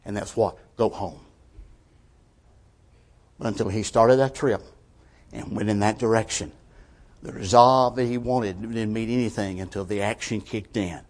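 A man's voice: on the low side, fairly even intonation, unhurried, pauses often. Emphatic man preaching a sermon. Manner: emphatic, rhetorical questions, swings between quiet and forceful.

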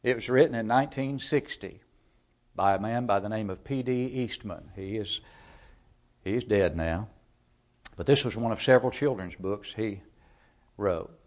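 Emphatic man preaching a sermon. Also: mid-range voice. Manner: emphatic, rising to loud storytelling peaks. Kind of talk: sermon with storytelling.

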